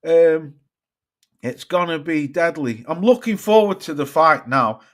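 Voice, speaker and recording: A man's voice: on the high side, expressive, unhurried. A middle-aged British man hosting a boxing live stream, talking bluntly and swearing as he reads out viewer comments. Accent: British English. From United Kingdom. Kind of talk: casual live-stream chat reading comments.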